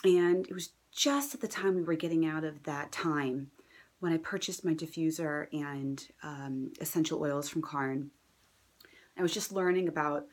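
A woman's voice: low-pitched, darkish tone. A woman in her thirties, a mother, telling her own story in a casual, earnest and enthusiastic way, with fillers and restarts, sometimes dropping to a whisper. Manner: drops into a whisper at times. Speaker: mother sharing a testimonial. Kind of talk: casual personal testimonial.

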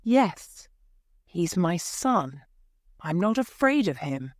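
Desperate grieving mom, woman reading her, urgent, low voice, slow. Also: big pitch swings, no echo, studio quality. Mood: insistent. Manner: urgent, pleading. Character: grieving older mother, desperate and insistent.

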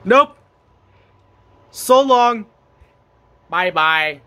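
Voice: mid-range voice, lively intonation, very slow, bright, forceful tone, clear, resonant tone, full character voice. A performer voicing a timid, easily frightened dad who whimpers and screams in panic. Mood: smug. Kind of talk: comedy skit acting.

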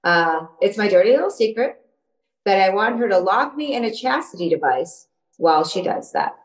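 A woman's voice: medium pitch, animated, normal speed, roomy sound, poor audio. A woman guest chatting on a podcast, a bubbly storyteller who laughs often. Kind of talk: casual podcast chat.

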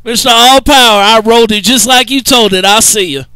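A man's voice: very high-pitched, brisk, background noise. A man relaying CB radio banter, drawling, repeating and laughing at what others say. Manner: drawling Southern trucker talk, laughing, repeating others' words.

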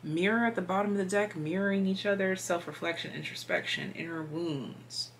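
A woman with a low voice gives a casual tarot reading in a rambling, chatty way. She leans on fillers and sometimes drops to a hushed whisper, with faint noise in the background. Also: brisk. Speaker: tarot reader.

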